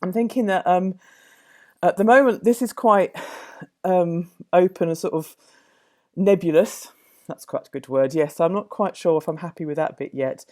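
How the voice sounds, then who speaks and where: A woman demonstrating a watercolour painting, musing aloud as she works, with many pauses and self-corrections. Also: lowish voice, a little mellow. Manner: thoughtful, musing, full of fillers and self-corrections. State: slightly out of breath at times. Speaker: art teacher.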